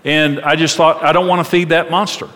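Middle-aged male preacher, higher-pitched, animated and funny, echoing through a big hall. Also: fairly quick. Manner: animated, joking storyteller. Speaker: pastor. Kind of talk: conversational sermon. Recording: long reverb of a large hall.

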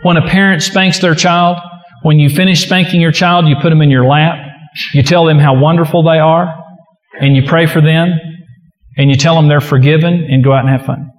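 A man's voice: a little high, steady tone, moderate pace. A man preaching a sermon as a pastor, earnest and emphatic, often acting out prayers aloud. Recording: echoey hall with long reverb.

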